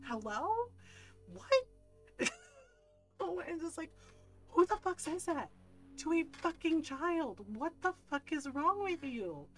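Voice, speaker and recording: A woman streamer telling a story in casual chat, animated, swearing freely and laughing often. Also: sits high, poor audio.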